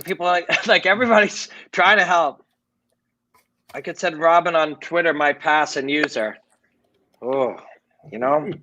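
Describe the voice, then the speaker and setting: A man hosting a casual watch-party chat, chatty and quick to laugh. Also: a little high, bright, forceful tone, lo-fi sound, a little hiss or hum.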